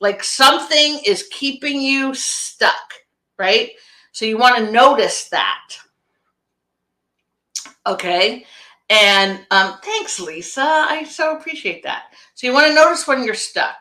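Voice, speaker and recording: A woman's voice: fairly high pitch, animated, slow pace, sharp tone. A woman business coach talking casually on a live stream, rambling and emphatic, often restarting her sentences. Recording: echoey room.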